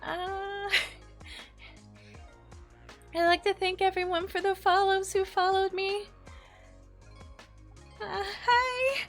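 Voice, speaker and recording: A woman's voice: extremely high pitch, steady tone, extremely slow, long pauses, fairly bright tone. A woman streaming live, chatting casually and nervously with her viewers, giggling and greeting people by name. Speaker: VTuber streamer. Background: faint background music.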